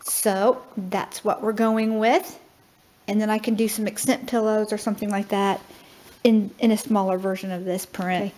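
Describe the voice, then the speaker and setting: A woman's voice: medium pitch, steady tone, moderate pace, a little mellow. A middle-aged woman talks her way through a house under renovation, casual and conversational. She thinks aloud with fillers and small restarts as she goes. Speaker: homesteading vlogger. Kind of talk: casual home tour narration. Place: house under remodel, indoors.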